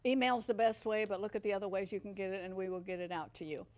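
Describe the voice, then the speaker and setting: A woman's voice: medium pitch, fairly even intonation, quick pace, a little mellow, a little hiss or hum. An older woman hosting a television cooking segment, chatting in a folksy, lightly joking way. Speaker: host. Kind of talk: casual cooking-segment chat. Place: television studio kitchen.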